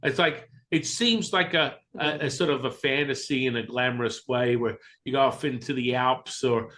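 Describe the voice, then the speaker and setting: A man's voice: medium pitch, moderate pace, pushed and bright. A man being interviewed as a spiritual teacher, candid and blunt, casually swearing and acting out voices as he tells his stories. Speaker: Taoist teacher, interview guest.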